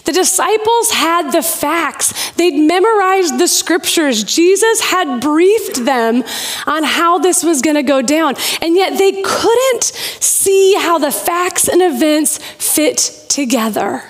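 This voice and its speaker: A woman's voice: very high-pitched, lively intonation, slow pace. A woman in her thirties preaching a sermon, telling personal stories with playful asides.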